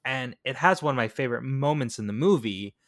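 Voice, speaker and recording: A man's voice: medium pitch, animated, a little fast, a bit bright, dry recording. Male podcast co-host, dry sound. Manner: stumbling restarts, enthusiastic retelling. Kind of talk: casual movie recap chat.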